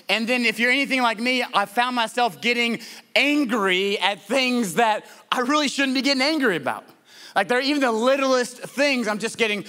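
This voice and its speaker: A man with a high, bright, forceful voice preaches a sermon. He talks in a conversational way, restarting phrases and asking the congregation rhetorical questions. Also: normal speed. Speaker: pastor.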